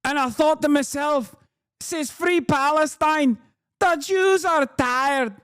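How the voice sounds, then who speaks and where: A man putting on a screechy Scottish woman pundit who stretches every word out slow and high, mocking and shrill. The voice sits far above a normal man's range and sounds clean and close, with no room around it. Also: a bit bright, no echo, exaggerated voice. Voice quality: shrill, drawn-out. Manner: mocking impression.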